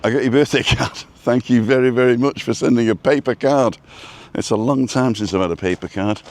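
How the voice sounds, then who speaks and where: This is a vlog host's live stream, recorded as he walks down a street holding a phone on a selfie stick. In a mid-range, slightly mellow voice, he talks briskly and casually, wandering between topics and greeting viewers by name.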